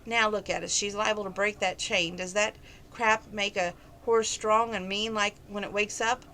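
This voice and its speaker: A woman reading aloud, voicing an injured male kidnapper who groans and whimpers in a squeaky voice. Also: steady tone, moderate pace, sharp tone, slight background noise. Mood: groaning.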